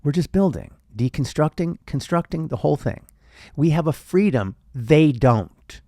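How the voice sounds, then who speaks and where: A man muses out loud in a casual, theatrical monologue, his pitch rising and falling in lively swings. The recording is dry and close, with no room sound, and he drops in a curse now and then. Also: moderate pace, no room sound. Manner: playful, theatrical, swears casually. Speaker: podcast host.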